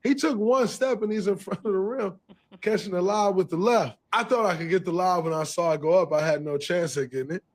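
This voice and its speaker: A man, a pro basketball player, telling a story from a game with animated, laughing delivery. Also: high-pitched, a little fast. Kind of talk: recounting a story in an interview.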